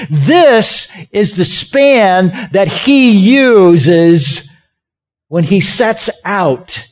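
A man preaching a sermon as a pastor, asking the congregation questions and having them act out hand gestures as he talks. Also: high-pitched. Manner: conversational, asks the congregation questions; has listeners act out gestures with their hands.

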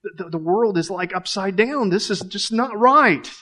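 A man's voice: high-pitched, lively intonation, normal speed, bright, forceful tone, voice pushed up, full character voice. A male preacher voicing an impulsive, flustered male disciple who exclaims in agitation. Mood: dismayed.

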